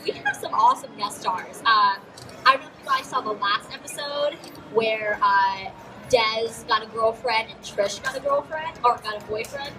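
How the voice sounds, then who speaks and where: A woman's voice: fairly high pitch, normal speed. A teenage actress answering questions on a live stage. She talks in a bubbly, giggly way with lots of fillers. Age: teens. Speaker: guest actress. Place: auto show stage with a crowd. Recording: distant mic with loud music behind. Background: music.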